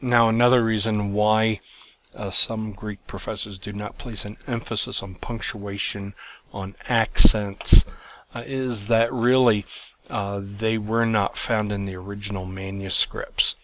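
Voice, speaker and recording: A man teaching a recorded lesson, explaining in a plain, measured way with some fillers and restarts. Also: lowish voice, little pitch movement, a bit bright. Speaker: Greek teacher.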